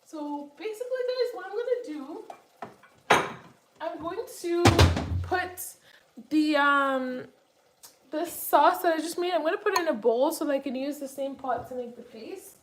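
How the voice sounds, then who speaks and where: A woman's voice: sits high, normal speed, a little hiss or hum, poor audio. A young woman chatting casually to her viewers while cooking in her home kitchen, full of fillers and asides. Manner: chatty, many fillers, talks to viewers directly. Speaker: cooking vlogger.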